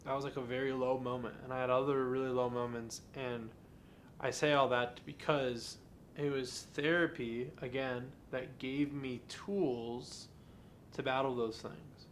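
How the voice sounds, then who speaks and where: A man's voice: medium pitch, level tone, a little slow, slight background noise. A young adult man hosting a podcast, talking in an earnest, candid and confessional way in a casual monologue. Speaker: podcast host.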